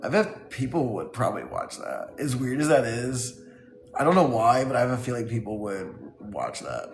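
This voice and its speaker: A giggly man streaming live, his voice gravelly and full of swooping ups and downs. He talks slowly and often breaks into laughter as he riffs on his chat's jokes. The sound is roomy and echoey, with a faint hum of noise behind him. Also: mid-range voice, big pitch swings, faint music behind. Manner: giggly, reading and riffing on chat. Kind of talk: casual live stream chat.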